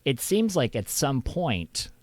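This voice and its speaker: A man's voice: medium pitch, very animated, takes it slowly, no echo. An American man hosting a stream, chatting casually and rambling through his thoughts with many restarts. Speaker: streamer host. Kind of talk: casual chat.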